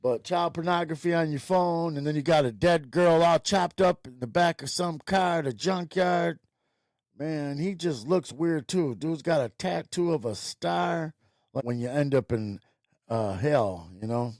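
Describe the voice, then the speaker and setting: A man's voice: on the high side, measured pace, darkish tone, dry recording. Brief: profane, rambling male host ranting bluntly, dry close sound. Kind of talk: ranting commentary.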